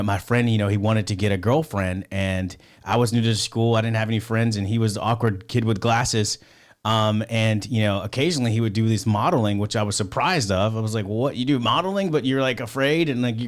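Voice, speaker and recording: A man with a fairly low voice tells a story as a podcast guest. He rambles, restarts sentences and swears freely, keeping it loose and casual. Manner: rambling, profane, many fillers and restarts.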